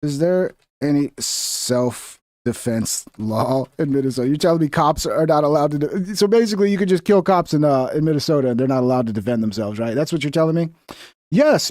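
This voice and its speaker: A man's voice: fairly high pitch, darkish tone, no room sound, clean studio sound. A man streaming casual commentary on clips, blunt, profane and mocking as he rants.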